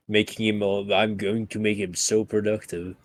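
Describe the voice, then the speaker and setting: A man's voice: on the low side, no room sound. A man playing a tabletop game, joking around casually. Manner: joking, laughing. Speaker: player.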